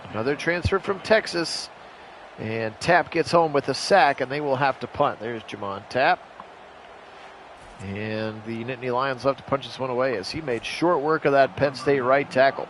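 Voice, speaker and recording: A man calling a simulated football game on his own, jumping up loud on big plays and chatting with viewers in between. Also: mid-range voice, moderate pace, a little hiss or hum. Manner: rises sharply and loud for big plays, chatty asides to live chat. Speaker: play-by-play host of video game sims. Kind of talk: solo play-by-play commentary on a simulated game.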